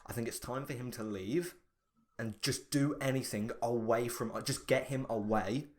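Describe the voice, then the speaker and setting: Podcast host, man, casual chat, animated rambling delivery. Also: medium pitch, moderate pace. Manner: animated, rambling, mock-outraged jokes.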